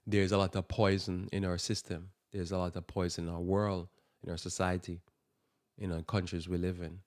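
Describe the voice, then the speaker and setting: Deep-voiced man preaching on radio. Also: a little mellow. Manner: emphatic, repeats phrases for stress. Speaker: radio talk show host. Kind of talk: preaching Bible talk.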